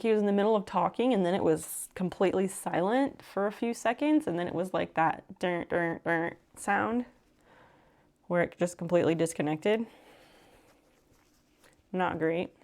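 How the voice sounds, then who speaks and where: A woman's voice: mid-range voice, vocal fry, a little mellow. A woman streamer telling a long story in casual chat, with lots of fillers and casual swearing. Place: home room while sewing on a live stream.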